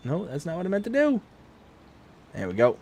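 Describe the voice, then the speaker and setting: A man in his forties from Michigan, chatting casually on a live stream while he plays a farming game, rambling and jumping up in pitch when excited. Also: moderate pace, slight background noise. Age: 40s.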